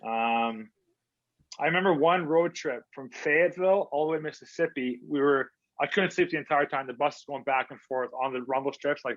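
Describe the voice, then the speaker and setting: A former hockey player in a casual interview speaks fairly quickly in a medium-pitched voice with a fairly bright tone. The recording is dry, remote, dull and lo-fi, and he rambles through his stories in a laid-back way with many fillers.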